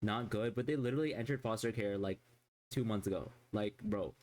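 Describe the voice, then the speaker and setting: A man's voice: fairly low pitch, brisk, darkish tone. Ranting, profane male streamer. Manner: rambling, swears constantly, exasperated ranting. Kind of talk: casual livestream chat.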